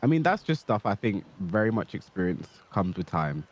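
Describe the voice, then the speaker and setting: Deep-voiced, easygoing coach on a call. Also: male voice, very animated, normal speed. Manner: easygoing, hesitant, many fillers. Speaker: fighting game coach.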